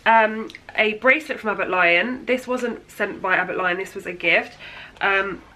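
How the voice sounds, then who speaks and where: A woman's voice: medium pitch, bright, forceful tone, a little hiss or hum, rough recording. A thirty-year-old woman with a chatty, gushing manner, showing birthday gifts in a casual vlog. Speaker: beauty vlogger. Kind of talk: casual haul chat.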